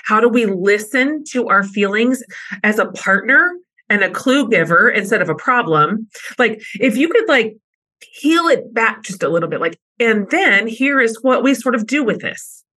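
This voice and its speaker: A woman's voice: fairly high pitch, animated, moderate pace, sharp tone. A woman hosting a podcast interview, affirming her guest and asking probing questions. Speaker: podcast host.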